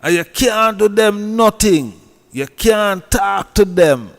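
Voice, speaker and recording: A man's voice: sits high, expressive, slow pace, in a large hall, soft background music. A man with a Jamaican accent who scolds and preaches in a heated commentary rant, repeating himself. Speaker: online commentator.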